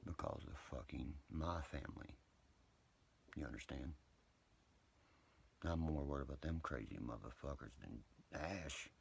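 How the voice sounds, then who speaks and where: A man's voice: extremely low pitch, a little slow, creaky, pauses often, breathy edge. A man rambling at night on a live stream, profane, boastful and heated. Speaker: livestreamer talking to viewers. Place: indoors at home, late at night.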